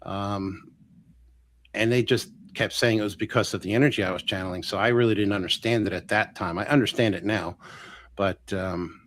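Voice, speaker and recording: A man telling a long personal story in an interview, lively and full of restarts, acting out the voices of the people he quotes. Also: lowish voice, moderate pace, slight background noise. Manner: animated, acts out quoted voices, many ums and restarts. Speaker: guest healer.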